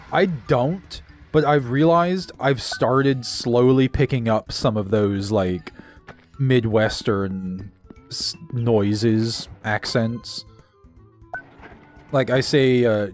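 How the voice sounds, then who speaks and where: A man co-hosting a casual gaming video, chatty and quick to yell at the game as he plays. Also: medium pitch, faint music behind. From American South. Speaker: co-host playing a video game.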